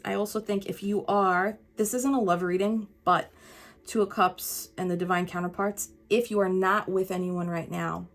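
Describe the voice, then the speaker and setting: Animated woman giving a tarot reading. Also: medium pitch. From United States. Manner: animated, emphatic, swears, talks straight to the viewer. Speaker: tarot reader. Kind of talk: casual spoken tarot reading.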